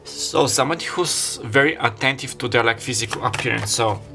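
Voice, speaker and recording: A man's voice: mid-range voice, brisk, vocal fry, music in the background. A man giving a casual tarot card reading, rambling and filling his talk with "like" as he describes the cards. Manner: rambling, filler-heavy, says "like" constantly. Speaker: tarot reader. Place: room with an open window.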